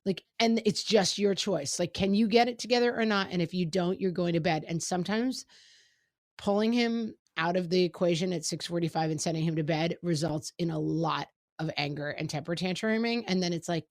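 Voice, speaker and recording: A woman's voice: on the low side, brisk, a little mellow, dry recording, studio quality. A middle-aged woman co-hosting a parenting podcast in casual chat, often acting out exchanges with her kids. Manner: chatty, acts out quoted exchanges with her kids. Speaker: podcast co-host.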